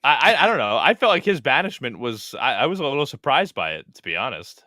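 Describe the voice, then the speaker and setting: Bright, dry-voiced man rambling on a podcast. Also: mid-range voice, fast talker, no room sound. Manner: rambling, animated, acts out quotes. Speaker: podcast co-host. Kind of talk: casual reality TV recap chat.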